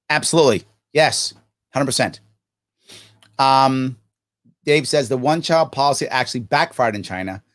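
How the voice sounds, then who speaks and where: Impassioned livestream host, lively pitch. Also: male voice. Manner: impassioned, reads viewer questions aloud and answers them. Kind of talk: live Q&A livestream.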